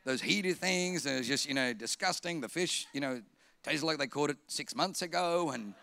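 A man's voice: on the high side, moderate pace, gravelly, sharp tone, dry recording, voice pushed down. A man voicing his complaining wife in a sermon anecdote, grumbling in disgust about a meal. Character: grumbling picky wife, adult woman.

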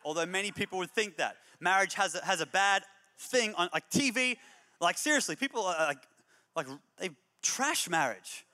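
High, bright-voiced pastor. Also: male voice, moderate pace, long reverb tail. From Australia. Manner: animated storyteller, jokey then emphatic and exhorting. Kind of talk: humorous energetic sermon.

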